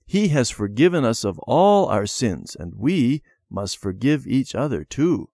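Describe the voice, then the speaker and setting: A man voicing a calm, gentle mother in a storybook, in nearly his own voice. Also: mid-range voice, a little slow, no echo.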